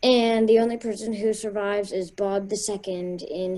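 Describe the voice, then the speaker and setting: A woman's voice: mid-range voice, level tone, normal speed, mellow, low-quality recording. A young woman improvising a story, hesitant and thinking aloud as she goes. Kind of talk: improvised round-robin storytelling.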